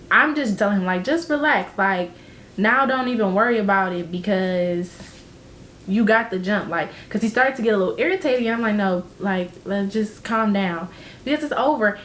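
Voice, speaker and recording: A young woman spins a storytime for her viewers, slangy and animated, breaking into laughs and acting out each quote. Her voice sits at an ordinary pitch, with a faint low rumble behind it. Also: moderate pace, echoey room. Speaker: vlogger telling a story. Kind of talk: casual storytime chat.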